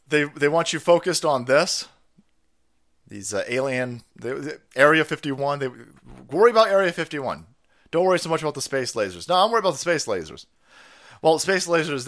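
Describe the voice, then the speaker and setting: A man's voice: a little high, a bit bright. A middle-aged man hosting a ranting commentary livestream, profane and sarcastic. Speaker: livestream host.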